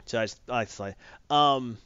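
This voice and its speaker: A man's voice: mid-range voice, moderate pace, pushed and bright, clean tone, no room sound, lo-fi sound. A man chatting casually as a podcast host, rambling and correcting himself as he goes. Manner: rambling, self-correcting, enthusiastic. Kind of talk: casual chat.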